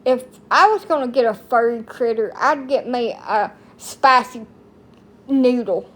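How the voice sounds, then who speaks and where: Woman, 30s, American, unhurried, rambling, blunt, folksy livestream talker. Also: on the high side. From United States. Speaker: TikTok streamer. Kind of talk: casual chat to camera.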